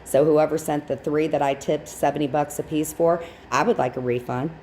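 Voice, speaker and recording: A woman's voice: low voice, steady tone, fairly quick, a little mellow, a little hiss or hum. A woman hosting a livestream, giving blunt, sarcastic, profane reaction commentary on clips. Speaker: stream host.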